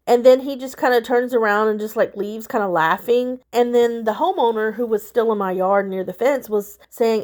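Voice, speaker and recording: A woman's voice: a little high, moderate pace, few pauses. Candid woman telling a vlog story. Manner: candid, gets animated retelling a confrontation. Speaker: vlogger.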